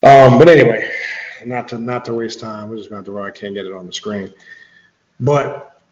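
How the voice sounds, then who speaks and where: A man's voice: medium pitch, steady tone, normal speed, a little mellow, reverberant. Rambling, swearing man on a lo-fi line. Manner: rambling, profane, with restarts. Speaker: occult author guest. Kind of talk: casual explanatory talk.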